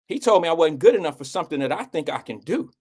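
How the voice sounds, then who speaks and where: A middle-aged man hosting a live show, telling a personal story in a blunt, animated way, with casual swearing and acted-out quotes. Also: fast talker, slightly rough. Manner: animated, acts out quotes with swings in pitch. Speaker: host.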